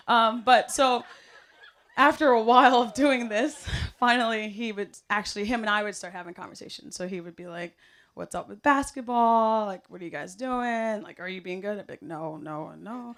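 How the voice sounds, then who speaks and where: A woman's voice: on the high side, moderate pace. A young woman giving a casual, rambling wedding toast, laughing often between fillers.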